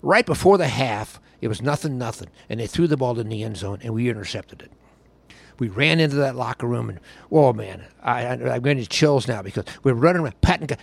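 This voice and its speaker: A man's voice: mid-range voice, lively intonation, brisk, vocal fry, slightly rough, dry recording. An older man, a longtime football staffer, telling a folksy anecdote with drama, acting out the people in it. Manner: folksy, dramatic, voices others in his tale.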